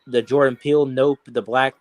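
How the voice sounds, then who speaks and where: A man co-hosting a casual podcast chat, rambling and swearing as he tells stories in an animated way. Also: mid-range voice, moderate pace. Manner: profane, rambling, animated storytelling. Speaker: podcast co-host.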